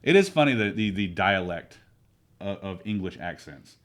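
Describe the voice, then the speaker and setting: A somewhat low-voiced man co-hosting a casual podcast. He rambles through his opinions and keeps restarting his sentences. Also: animated, normal speed. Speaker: podcast co-host. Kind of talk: casual chat.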